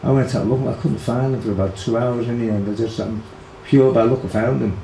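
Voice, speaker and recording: Talking about his brother during an interview, this older man with a Liverpool accent wanders through the story, full of fillers and false starts. He speaks fast in a steady, mellow, mid-range voice with some creak. Faint hiss sits under an echoey room sound.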